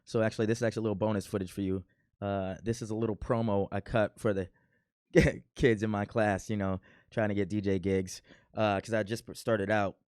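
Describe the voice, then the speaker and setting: A man's voice: lowish voice, little pitch movement, fairly quick, darkish tone, clear, resonant tone, no echo, clean studio sound. A man in his thirties from Milwaukee, casually reacting to his old video in a playful, boastful, rambling way. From Milwaukee, USA. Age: 30s.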